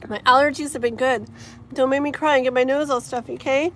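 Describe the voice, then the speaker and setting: A woman's voice: high voice, fairly even intonation, fast, slight background noise. Gushing woman chatting outdoors on a livestream. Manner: effusive, gushing, many fillers. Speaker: tarot livestream host. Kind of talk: casual live-stream chat reading comments. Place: outdoors, wind and passing traffic.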